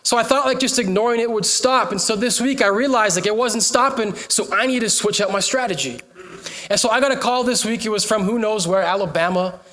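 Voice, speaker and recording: A young adult man, a pastor, preaching a sermon to his church in a conversational, jokey way, now and then shouting out to the congregation. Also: high voice, fairly quick.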